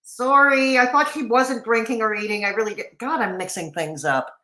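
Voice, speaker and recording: A woman's voice: on the high side, moderate pace, pushed and bright, echoey room, rough recording. A woman hosting a reaction stream, talking back to a clip with sarcastic, profane asides and chatting with viewers. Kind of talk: casual reaction commentary.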